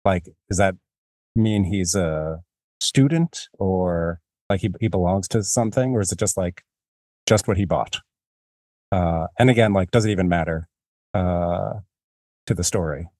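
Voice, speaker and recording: Low dry-sounding guy hosting a book podcast, rambly, jokes at his own expense. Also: a little slow, long pauses, a little mellow, dry recording. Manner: rambling, self-deprecating, many restarts. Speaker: podcast host. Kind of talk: casual book discussion.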